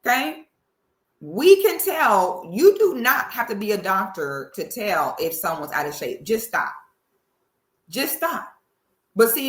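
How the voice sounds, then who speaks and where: A woman with a slightly high voice reacts to clips in a sassy, drawling, animated way. The room around her is echoey. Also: measured pace. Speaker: commentary host. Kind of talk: reaction commentary.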